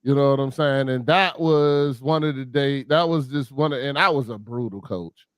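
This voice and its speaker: A man's voice: mid-range voice, normal speed, clear, resonant tone, dry recording, studio quality. A man in casual panel chat, laid-back and joking. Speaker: podcast panelist, father.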